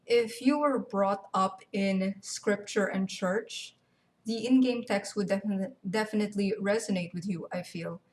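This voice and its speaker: A woman's voice: mid-range voice, a little slow, darkish tone. A young woman, ranting animatedly and sarcastically in casual game commentary, swearing freely. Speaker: gaming video commentator.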